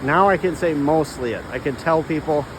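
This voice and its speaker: A man rambling in a casual walk-and-talk monologue on a trail, halting and restarting often, recorded on a phone. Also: fairly high pitch, background noise. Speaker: vlogger. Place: outdoors on a trail.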